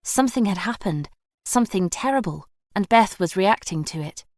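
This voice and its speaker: A woman narrating an audiobook in an even, measured scripted read. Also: medium pitch, no room sound, clean studio sound.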